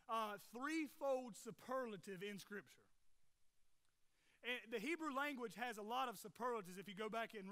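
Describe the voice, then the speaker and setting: A man's voice: extremely high pitch, sharp tone. A young man preaching a sermon as a pastor, earnest and conversational, full of rhetorical questions.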